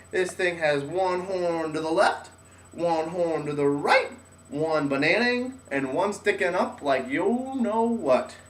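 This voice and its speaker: High-voiced young man telling a lively story. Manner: animated, acts out voices of others. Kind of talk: casual personal story. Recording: echoey room, mic at a distance.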